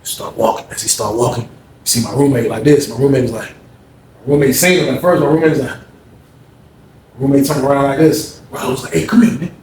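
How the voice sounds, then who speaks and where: A man's voice: mid-range voice, steady tone, brisk, pauses often, a little mellow. A man animatedly telling a profane story, acting out the scene as he goes, recorded in an echoey room. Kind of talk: casual storytelling. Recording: echoey room with faint background noise.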